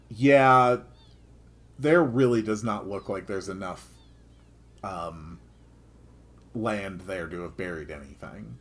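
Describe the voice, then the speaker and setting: A man's voice: deep voice, slow pace, pauses often, a little hiss or hum. A man giving casual gameplay commentary with dry, joking asides. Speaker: let's-play host.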